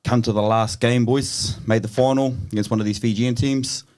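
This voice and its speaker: A man's voice: mid-range voice, steady tone, moderate pace, a little mellow. A man telling rambling, laughing anecdotes in casual podcast chat, calling everyone "bro". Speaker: podcast guest.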